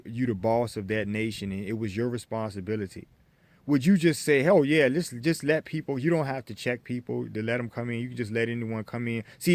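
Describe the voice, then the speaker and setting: An American man giving an opinion monologue to his viewers, lecturing them with many halting restarts. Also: medium pitch, a little mellow, no room sound. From United States. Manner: lecturing, repetitive restarts, addresses viewers as folks. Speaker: vlogger.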